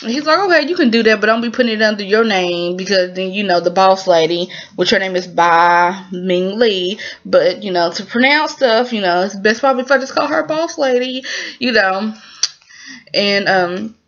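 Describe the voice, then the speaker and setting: A woman recaps a drama in a loose, chatty way, piling on fillers and asides as she goes. Her voice sits at a medium pitch. The recording sounds a little dull and lo-fi. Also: moderate pace, a bit bright. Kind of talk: casual spoken recap.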